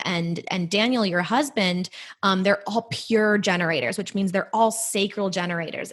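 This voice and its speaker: A woman's voice: mid-range voice, a bit bright. A woman who reads Human Design charts, explaining them patiently in a podcast interview, with filler words.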